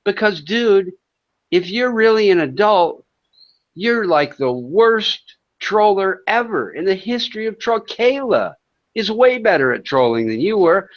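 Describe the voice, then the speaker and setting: High-voiced man sneering at trolls. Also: sing-song, measured pace. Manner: profane, taunting and sarcastic. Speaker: livestream host. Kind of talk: heated livestream rant at chat trolls. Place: home in Thailand. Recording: dull lo-fi stream audio.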